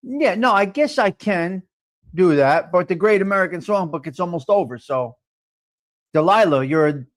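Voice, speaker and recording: High-voiced blunt New man. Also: lively intonation, moderate pace. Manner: blunt, joking, swears freely, talks straight to chat. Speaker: host of a live coffee talk stream. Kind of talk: casual live-stream chat with viewers.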